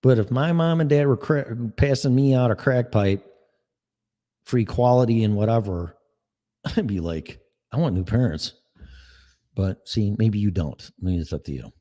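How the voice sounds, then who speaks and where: A man's voice: lowish voice, normal speed, mellow, in a large hall. A man hosting his own online show, talking in a rambling, sarcastic way and swearing freely as he reads the chat. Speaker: podcast host. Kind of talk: casual monologue reading chat.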